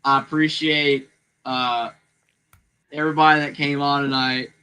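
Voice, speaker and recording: A man's voice: fairly high pitch, level tone, measured pace, pushed and bright, clean tone, rough recording. A man hosting a sports livestream, laid back as he thanks his co-hosts and viewers. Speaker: show host. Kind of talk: casual sports chat on a livestream.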